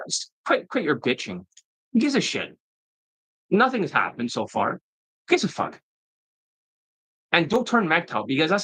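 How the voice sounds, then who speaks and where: In a blunt, profane rant, a middle-aged dating coach delivers a coaching monologue and keeps asking "right?" to prompt agreement. His mid-range voice has a sharp tone, and the low-quality recording has no room sound.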